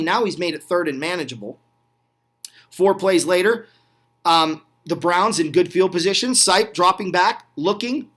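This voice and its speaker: Male host, high voice, excited and chatty play-by-play over game clips, asks the viewer questions. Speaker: host of a retro football review channel.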